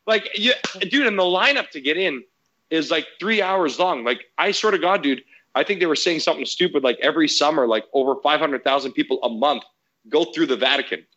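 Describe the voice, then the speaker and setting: A man's voice: fairly high pitch, brisk, a bit bright, dull audio. A man in casual podcast chat, telling a story as a heated, profane rant.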